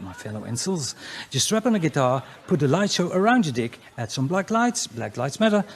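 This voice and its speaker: A man with a Dutch accent doing a crude, mocking stand-up routine, often jumping into loud, high exclamations. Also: a little hiss or hum. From Netherlands. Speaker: comedian.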